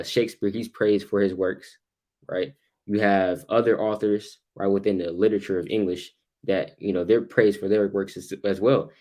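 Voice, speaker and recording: Low-voiced man teaching scripture casually. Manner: animated, rhetorical questions, frequent "right?" and "man". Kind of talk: informal bible study discussion.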